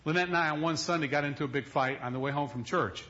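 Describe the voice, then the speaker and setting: A middle-aged man preaching a sermon, telling a story with acted quotes, moving from loud to hushed. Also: a little high, fast talker, lo-fi sound. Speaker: pastor.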